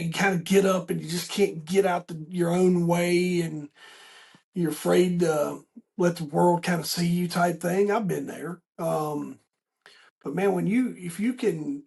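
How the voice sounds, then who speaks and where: A middle-aged male podcast host with a gravelly, slightly high voice. He talks in a folksy, rambling way, doubling back on his words as he chats with a guest. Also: a little mellow. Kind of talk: casual interview chat.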